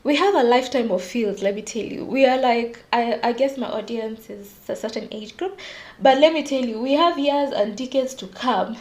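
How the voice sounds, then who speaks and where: A young woman hosting a casual solo podcast, confiding and animated, often laughing at herself. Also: a little high, moderate pace. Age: young adult. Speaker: podcast host.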